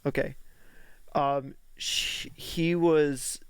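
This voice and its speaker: Gravelly young-sounding podcast co-host, profane. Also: male voice, a little high, fairly even intonation, very slow, slight background noise. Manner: loose, profane storytelling with lots of fillers. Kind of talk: casual chat.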